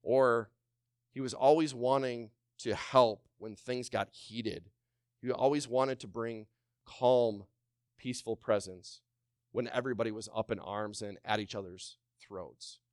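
A man preaching a sermon as a pastor, calling on the congregation to respond and dropping to a hushed voice when quoting gentle words. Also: medium pitch, fairly even intonation, a little slow, no echo, studio quality.

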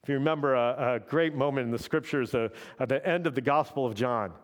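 A man's voice: medium pitch, fairly quick. A man preaching a sermon as pastor, in a conversational way that keeps checking in with "right?". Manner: conversational, often adds "right?".

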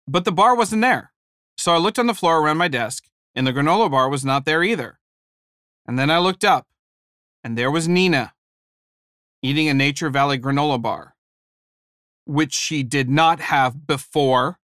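A preacher and former high school teacher delivers a sermon full of animated, humorous storytelling. His voice is a little high for a man and his speed normal. The recording is dry and close, without room echo.

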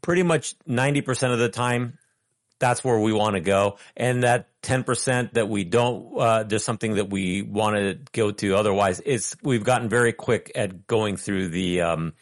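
A man who is a guest on a podcast, speaking in relaxed, matter-of-fact casual chat. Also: on the low side, moderate pace.

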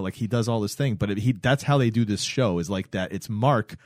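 A man's voice: on the low side, fairly quick, no echo. Man animatedly recapping a show, dry sound. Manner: animated storytelling, acts out quotes. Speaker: podcast co-host. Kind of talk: casual chat recapping a show.

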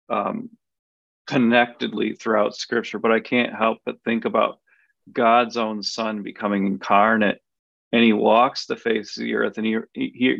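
A man's voice: mid-range voice, vocal fry, a bit bright, no room sound, dull audio. A man co-hosting a podcast, explaining a Bible passage in an earnest, conversational way, restarting his sentences often as he thinks aloud. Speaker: podcast co-host.

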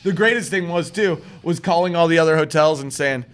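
A man casually telling a story on a podcast, animated and acting out other people's voices, with casual swearing. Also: on the high side, brisk, clear, resonant tone.

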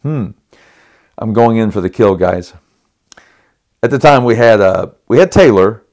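A man's voice: on the low side, measured pace. Middle-aged guy on a podcast, telling a story all worked up, keeps restarting his sentences, laughs here and there. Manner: animated, dramatic retelling with restarts and chuckles. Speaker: podcast host. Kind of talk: personal storytelling.

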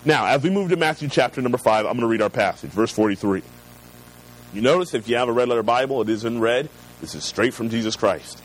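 A man preaching a sermon, reading scripture slowly and then telling personal stories in a relaxed, conversational way. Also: mid-range voice, a little hiss or hum, rough recording. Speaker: pastor.

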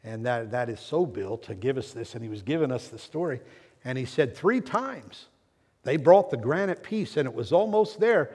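A male pastor delivering a sermon, swinging between loud emphasis and hushed drops, and putting questions to his congregation. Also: mid-range voice, slightly rough. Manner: asks the congregation rhetorical questions. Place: church sanctuary. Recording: long church reverb.

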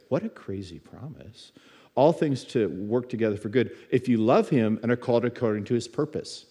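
A man's voice: medium pitch, expressive, normal speed, dark tone, husky. Middle-aged male church teacher, mid-range voice, chatty stories, trips over his own words. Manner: storytelling, frequent stammered restarts and repeated words. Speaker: guest teacher in a church service. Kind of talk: conversational sermon teaching.

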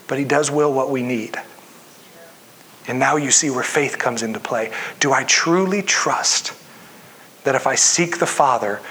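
A man's voice: mid-range voice, a bit bright. A man preaching a sermon in an earnest way, reading scripture aloud and acting out the voices of people in the story. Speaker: pastor.

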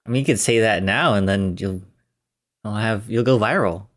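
A podcast co-host chatting casually, lively and quick to react. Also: medium pitch. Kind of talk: casual chat.

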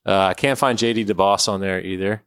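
Laid-back man, low voice, dry sound. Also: fairly even intonation, fairly quick, fairly bright tone, clean tone, no room sound. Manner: laid-back, joking, chuckles often. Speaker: podcast host, father. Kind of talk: casual chat.

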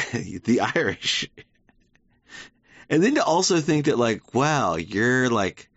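A man's voice: lowish voice, dry recording, highs cut off. A man hosting a podcast, talking in a rambling, wry monologue and laughing often. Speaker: podcast host. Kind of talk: casual monologue.

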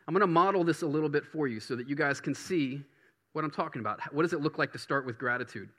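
Man, middle-aged, pastor, sermon, conversational, bright tone, rising to emphatic. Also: fairly high pitch, fast. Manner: conversational, builds to emphatic preaching. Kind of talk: sermon teaching on prayer.

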